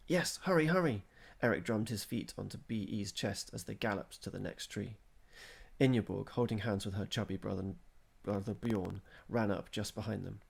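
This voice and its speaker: A man reading a chapter of a story aloud at a steady, measured pace. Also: lowish voice, vocal fry, slightly rough. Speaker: narrator.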